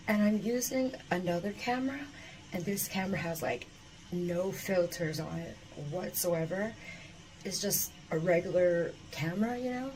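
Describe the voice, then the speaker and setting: A woman talking to her phone camera at home, excited and profane, rambling with lots of fillers. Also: mid-range voice, moderate pace. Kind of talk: casual selfie vlog. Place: indoors at home. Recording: noisy phone recording.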